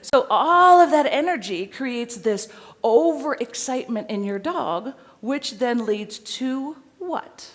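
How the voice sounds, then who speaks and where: A woman dog trainer giving a live talk to an audience, animated and direct, often checking in with "right?" and "okay?". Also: sits high, slow pace. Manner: animated, addresses audience directly with tag questions.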